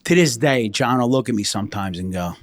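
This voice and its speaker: Recorded dry in a clean studio, a man speaks slightly fast with a mid-range voice. He's a former state trooper spinning blunt, profane podcast stories and playing out people's words himself.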